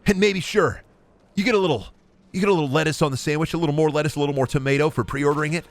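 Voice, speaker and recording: A young man streaming a game, chatting casually in a goofy, animated way and jumping into bits. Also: on the high side, rapid-fire. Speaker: gaming streamer. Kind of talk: casual live-stream commentary.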